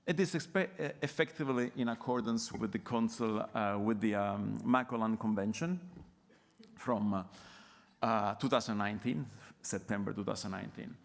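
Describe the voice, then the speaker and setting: A man's voice: fairly low pitch, normal speed, creaky. A man with an Italian accent and a nasal voice giving a hesitant conference presentation full of fillers. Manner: hesitant, many fillers and restarts. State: nasal from a cold. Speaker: conference panelist. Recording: reverberant conference hall.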